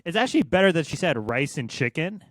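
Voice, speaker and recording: A man's voice: a little high, big pitch swings, quick pace, fairly bright tone, dry recording. A young man co-hosting a podcast, giving crude, blunt opinions in a rambling way. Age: young adult. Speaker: podcast co-host. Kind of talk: casual chat.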